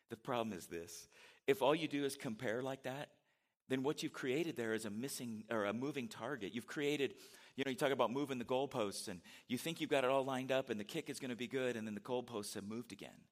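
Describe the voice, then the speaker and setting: A man's voice: mid-range voice, a little fast. A man preaching a sermon in a conversational way, asking the congregation rhetorical questions and reading scripture aloud with dramatic inflection. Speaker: pastor.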